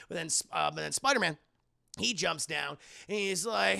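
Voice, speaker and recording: Gravelly, bright-voiced man recapping a film. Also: on the high side, fairly quick. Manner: animated, crude, swears often; acts out scenes in voices. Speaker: streamer film reviewer. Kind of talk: casual livestream film recap.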